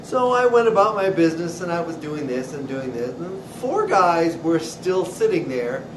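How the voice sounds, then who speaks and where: A man who owns a deli, telling funny stories about his customers in an animated way. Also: on the high side, normal speed, recorded from a distance. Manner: animated storyteller acting out customers. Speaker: deli owner. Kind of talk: storytelling. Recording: roomy echo with clear noise.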